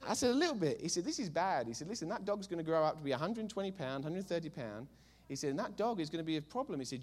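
Fast-talking, lively male preacher. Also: fairly high pitch. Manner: storytelling, humorous, emphatic. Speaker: pastor. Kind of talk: sermon.

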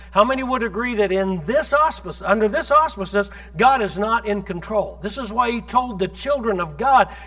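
Male pastor, high-pitched, emphatic sermon delivery, rattles off scripture, quizzes the congregation. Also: a bit bright. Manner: emphatic preaching, rhetorical questions to the congregation, quick scripture quotes.

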